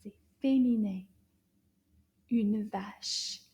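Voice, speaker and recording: A woman teaching French to young children, slow and animated, gasping with delight and drawing out her words. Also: mid-range voice. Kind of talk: children's language lesson.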